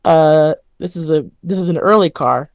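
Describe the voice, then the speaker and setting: A woman's voice: deep voice, moderate pace, gravelly, no room sound. A woman narrating a tabletop game as game master, describing scenes in a hesitant way full of fillers.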